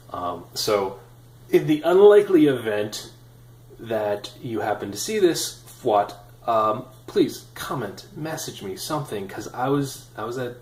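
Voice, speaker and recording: A man in his thirties telling a personal story in a casual, animated, self-deprecating way with many fillers. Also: on the low side, reverberant, a little hiss or hum, poor audio. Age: 30s. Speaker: vlogger.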